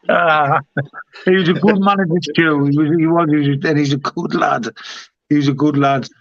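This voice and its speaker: A middle-aged man, hosting and recalling football days in halting, repetitive casual chat. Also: fairly high pitch, fairly even intonation, a bit bright. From North East England. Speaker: show host and former player. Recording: dry, muffled lo-fi sound.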